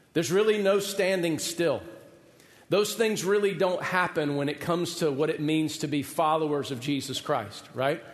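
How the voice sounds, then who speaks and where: A man in his forties, a pastor preaching a sermon, telling a personal story with humor and self-deprecating asides. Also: high voice. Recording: echoey hall, long reverb.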